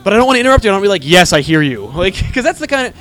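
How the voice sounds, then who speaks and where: A man's voice: very high-pitched, expressive, rapid-fire, a bit bright, faint music behind. A man co-hosting a podcast in loose, rambling casual chat, giggling and swearing often. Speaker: podcast co-host.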